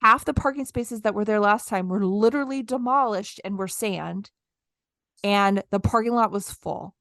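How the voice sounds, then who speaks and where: A woman's voice: mid-range voice, normal speed, no room sound, clean studio sound. A woman in her thirties, co-hosting a podcast, telling a story in casual chat and acting out her own lines. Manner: animated, acts out her own lines in quotes. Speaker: podcast co-host.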